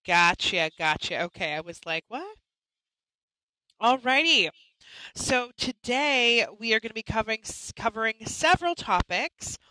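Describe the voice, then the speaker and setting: A woman's voice: on the high side, lively intonation, normal speed, pushed and bright, no room sound, low-quality recording. A woman hosting a live chat show, talking casually and chattily, often restarting and apologizing. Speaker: host.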